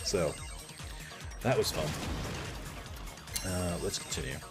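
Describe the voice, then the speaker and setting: A man's voice: low voice, slow, music in the background. A man telling a casual, rambling story over his gameplay as a YouTuber, full of fillers and chuckles. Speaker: gaming YouTuber.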